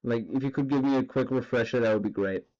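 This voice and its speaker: A man streaming while he draws, chatting in a loose, rambling way full of fillers and the occasional curse. His voice sits at an ordinary middle pitch. The recording sounds a little dull and lo-fi. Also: fast talker, mellow. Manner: rambling, filler-heavy, swearing. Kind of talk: casual chat while drawing.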